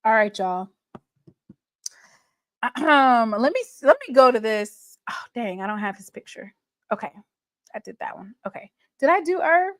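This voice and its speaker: A woman's voice: a little high, expressive, unhurried, long pauses, a bit bright, dry recording, clean studio sound. Sassy woman hosting a sports livestream. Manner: sassy, gossipy, talks straight to viewers. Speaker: livestream sports show host. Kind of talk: casual live-stream sports talk.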